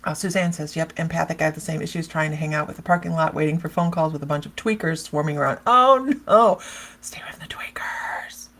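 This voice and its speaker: A woman's voice: low-pitched, level tone, fast, few pauses. A woman psychic medium hosting a casual livestream, chatting and rambling, laughing often and talking straight to viewers by name as she reads their comments.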